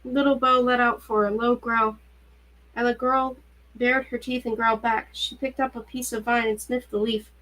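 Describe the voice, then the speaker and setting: A woman reading a novel aloud in a steady, even narrating voice. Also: on the high side, normal speed, poor audio. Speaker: reader. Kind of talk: audiobook-style novel reading.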